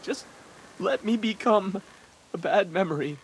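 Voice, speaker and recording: A man voicing a desperate, volatile teenage boy in a video game, shouting and pleading. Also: sits high, unhurried, a little hiss or hum.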